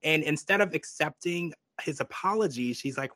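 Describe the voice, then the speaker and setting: A man hosting a podcast, chatting casually and giving his opinions while quoting people in quick asides. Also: a little high, expressive, bright, forceful tone, no room sound. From United States. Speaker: podcast host. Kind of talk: casual recap chat.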